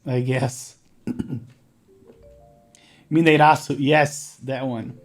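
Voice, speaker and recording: Brazilian male streamer, native Portuguese speaker, casual running chat, mid-range voice, soft music bed. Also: medium pitch, level tone, drawn-out words. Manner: chatty, laughs often, answers chat while working. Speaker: streamer building a keyboard.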